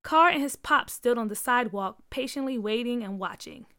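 A woman narrating a story aloud in an expressive way, giving each character a voice. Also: fairly high pitch, moderate pace, no room sound, studio quality.

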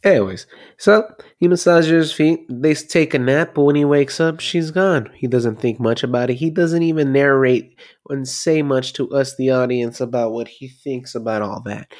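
A man's voice: mid-range voice, normal speed, a little mellow. A man casually recapping a film plot, rambling and swearing freely as he goes.

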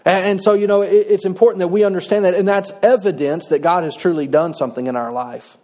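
A man's voice: high voice, fast, dark tone. A middle-aged man, preaching a sermon in a folksy, conversational way with touches of humor. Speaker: pastor.

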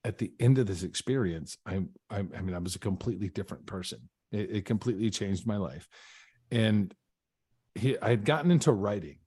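Low-voiced man telling his story. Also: a little fast, darkish tone, breathy edge, no room sound. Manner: earnest, frequent false starts and repeats. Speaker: podcast guest. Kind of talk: personal storytelling in an interview.

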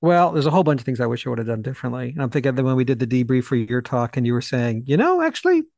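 A man with a gravelly edge to his voice talks fast and eagerly in a relaxed podcast conversation. He cuts off his own sentences in his hurry to reach the next thought. The sound is close and dry, with no room around it. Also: mid-range voice, no room sound. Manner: fast, eager talker who clips his sentences and restarts. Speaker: Bible study teacher.

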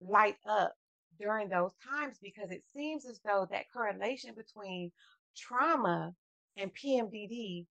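A woman's voice: mid-range voice, measured pace, gravelly, sharp tone, dull audio. Woman host who keeps listening and agreeing. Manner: supportive, gives frequent short agreements. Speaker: podcast host. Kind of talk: casual interview conversation.

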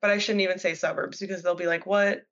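Woman, twenties, co-host, quick teasing banter, lo-fi dull recording. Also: on the low side, level tone, fairly bright tone. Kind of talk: casual chat. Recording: dull lo-fi sound.

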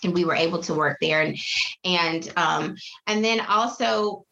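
A woman chatting casually as a guest about writing a children's book, lively and full of acted-out quotes. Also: on the low side, measured pace, gravelly, dull audio. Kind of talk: casual interview chat.

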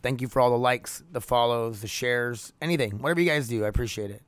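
A young man hosts his own podcast from home, near the laundry room, rambling candidly and swearing plenty in a casual solo monologue. His mid-range voice moves fast, and the podcast microphone picks up no room sound.

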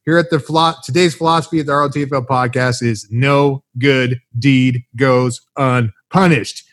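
A man's voice: medium pitch, moderate pace, no room sound. A man co-hosting a crude comedy podcast, telling profane stories with lots of swearing and acted-out voices. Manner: profane, animated storytelling with shouted quoted voices. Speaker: podcast co-host.

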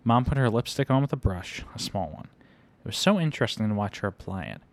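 A man with a fairly low voice reads a first-person story aloud. He keeps an unhurried, conversational pace, like someone telling a story from his own life. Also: lively intonation. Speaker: reader.

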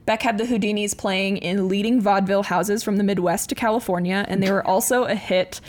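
A woman's voice: medium pitch, fairly even intonation, brisk, darkish tone. A woman co-hosting a podcast, recounting a history story from her notes in a casual chat and laughing often.

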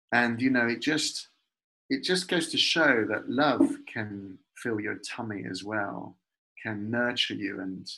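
Husky middle-aged man, animated storyteller, from Peru. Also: on the low side, low-quality recording. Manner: warm, animated storytelling about food. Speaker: guest. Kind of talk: casual conversation.

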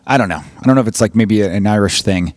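A man's voice: fairly low pitch, fast, dry recording. A man from the United States with a Chicago accent, hosting a podcast in a rambling, profane, joking way. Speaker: podcast host. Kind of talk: casual podcast chat.

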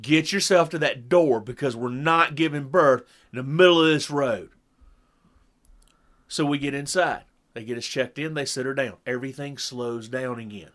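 A middle-aged man telling a long story in casual chat, animated and acting out what people said. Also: medium pitch, moderate pace. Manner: animated storyteller who acts out quotes. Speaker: podcast co-host.

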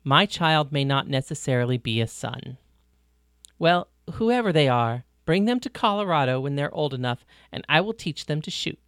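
A reader voicing Paris, a blunt, warm woman from a ranch, in an audiobook. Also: medium pitch, expressive, normal speed, smooth, no room sound, studio quality. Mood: cheerful. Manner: breezy, teasing, plain-spoken. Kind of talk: audiobook reading.

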